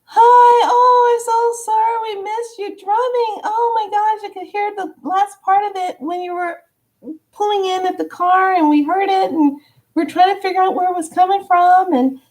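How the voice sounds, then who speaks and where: A woman putting on the voice of an excitable, gushing female stranger who chatters in a breathless, apologetic rush. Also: extremely high pitch, normal speed, voice pushed up. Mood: excited.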